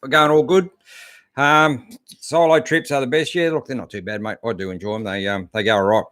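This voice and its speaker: A man's voice: lowish voice, a little fast, a bit bright, no room sound, clean studio sound. A middle-aged Australian man hosting a live-stream chat, laid-back and chatty, greeting viewers and answering their questions with plenty of fillers. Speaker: host.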